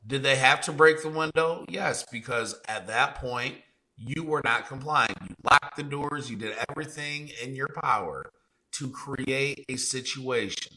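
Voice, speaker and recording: A man's voice: mid-range voice, unhurried, bright, forceful tone, rough recording. A man co-hosting a podcast, giving heated commentary in a blunt, profane way with a string of rhetorical questions. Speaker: podcast co-host.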